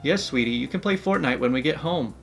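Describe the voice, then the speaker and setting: A man's voice: medium pitch, lively intonation, a little fast, vocal fry, soft background music. A man voicing a pushy, entitled middle-aged mother in a whiny, insistent raised voice. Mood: coaxing.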